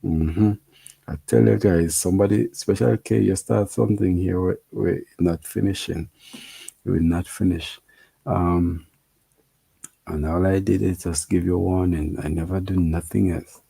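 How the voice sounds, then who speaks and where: Chatting with his livestream viewers and going through their comments, a man with a Jamaican accent laughs often and repeats himself. He speaks a little slowly in a low, steady, dark voice that's creaky with a breathy edge. The recording is dry.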